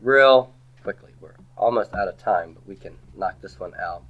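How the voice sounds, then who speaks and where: A man's voice: on the low side, normal speed, fairly bright tone, lo-fi sound. A man teaching a classroom grammar lecture, quizzing his students with rhetorical questions and dropping playful asides.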